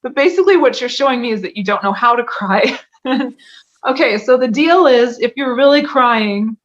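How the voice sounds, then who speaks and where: A woman's voice: fairly high pitch, animated, moderate pace. A woman guest in a casual interview, talking chattily and laughing often. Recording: dull lo-fi audio.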